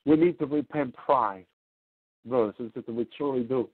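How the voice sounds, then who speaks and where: A man's voice: medium pitch, normal speed. A man preaching a fervent radio sermon, repeating his points and rising to cries. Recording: tinny phone-line radio broadcast.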